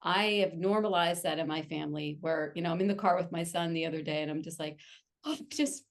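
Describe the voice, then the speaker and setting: A woman author talking candidly as an interview guest, telling personal stories in an animated way. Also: low-pitched, fast. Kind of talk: casual interview chat.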